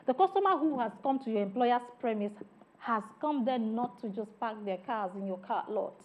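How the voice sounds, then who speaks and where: A woman's voice: on the high side, animated, moderate pace. A woman giving a customer service training lecture, speaking emphatically, showing tones by example and talking straight to her trainees. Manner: addresses trainees directly. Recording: narrow phone-like sound.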